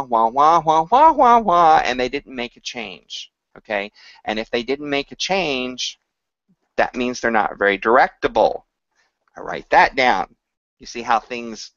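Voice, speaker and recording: Slow-talking male voice teacher. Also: medium pitch, fairly bright tone, no echo, lo-fi sound. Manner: explains slowly, sings short examples to demonstrate. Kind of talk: instructional talk to camera.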